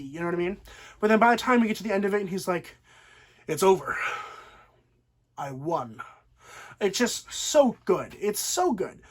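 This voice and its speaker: A man's voice: sits high, a bit bright. A man giving a casual spoken TV show review, enthusiastic and rambling, with lots of fillers.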